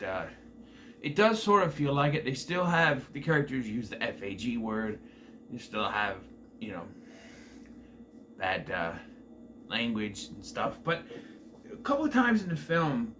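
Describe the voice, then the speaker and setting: Man, casual movie reviewer, rambling, offhand, swears, mid-pitched, animated delivery. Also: slight background noise.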